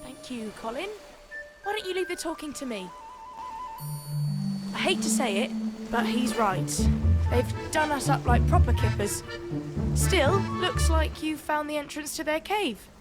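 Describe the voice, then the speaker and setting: A woman's voice: sits high, expressive, unhurried, pauses often. An actress playing a sarcastic, scheming female pirate captain. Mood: dry. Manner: sarcastic, coaxing and bossy. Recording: game audio with faint music behind.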